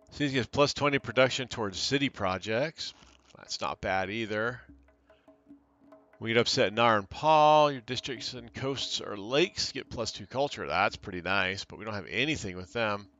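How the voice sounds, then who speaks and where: Playing a strategy game for his channel, a man thinks aloud and reads the options off the screen in a casual let's-play. His fairly low, bright and forceful voice moves at a normal speed, over lo-fi sound and soft background music.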